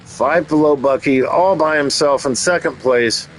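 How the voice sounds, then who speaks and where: A man commentating a race, taking his time over every call and slipping in teasing jokes. His voice sits a touch higher than most men's. A faint hum of noise runs underneath. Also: a little slow, low-quality recording. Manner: jokey, teasing asides between race calls. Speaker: race commentator and channel host. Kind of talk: playful play-by-play commentary.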